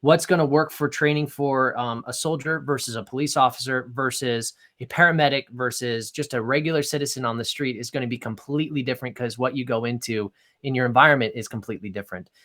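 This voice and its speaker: A man's voice: medium pitch, fast, few pauses, pushed and bright. A man hosting an interview, asking long, rambling questions that he keeps restarting. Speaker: podcast host.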